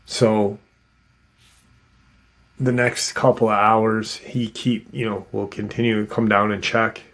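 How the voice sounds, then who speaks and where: Man, host, low voice, slow pace, casual story retelling, conversational. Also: level tone, a bit bright. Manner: loose and conversational, full of "um" and "you know".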